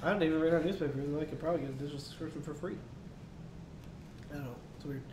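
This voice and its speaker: Man, high voice, casual news chat, reads articles aloud, swears a lot, echoey room, faint rumble. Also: steady tone, very fast. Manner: profane, offhand, reads in a mock posh voice. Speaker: co-host.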